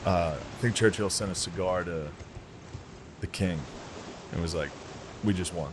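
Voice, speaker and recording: A low-voiced man co-hosts a comedy podcast, tossing in brief, profane remarks. Faint noise sits behind him. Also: normal speed. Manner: short agreeing interjections, profane. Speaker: podcast co-host. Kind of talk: casual comedy podcast chat.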